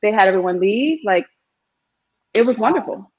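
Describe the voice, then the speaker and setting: An actress guest in a relaxed interview, telling stories in an animated, talkative way and often checking in with her listener. Her voice sits at an ordinary woman's pitch. The recording is somewhat dull and lo-fi. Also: normal speed. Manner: animated storyteller, frequent "you know what I mean". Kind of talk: casual interview chat. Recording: slightly dull lo-fi audio.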